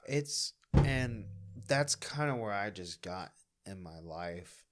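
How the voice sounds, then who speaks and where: A young man and stand-up comic, telling stories in a rambling, animated way and swearing often in casual podcast chat. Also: on the low side, slow, background noise.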